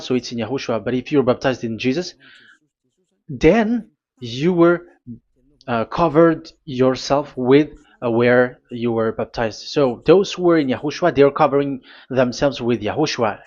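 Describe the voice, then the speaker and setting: A man preaching a sermon, speaking in halting, deliberate phrases that break into sudden emphatic bursts. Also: mid-range voice, darkish tone, lo-fi sound.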